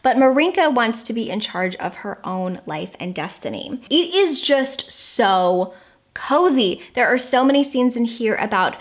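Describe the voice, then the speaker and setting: A woman's voice: on the high side, expressive, moderate pace, hardly any pauses. An American woman giving enthusiastic, casual book recommendations, stretching words for emphasis. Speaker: book reviewer.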